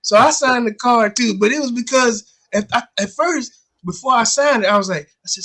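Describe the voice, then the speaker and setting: A man co-hosting a casual sports chat, telling an animated story and acting out the dialogue, with casual, slangy speech. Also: high-pitched, quick pace, rough recording. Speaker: podcast co-host.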